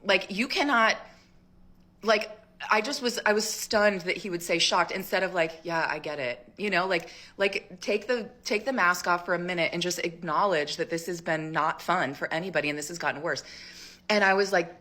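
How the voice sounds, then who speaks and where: A woman's voice: lowish voice, moderate pace, pushed and bright. A woman in her thirties telling her own divorce story in a chatty vlog style, full of fillers.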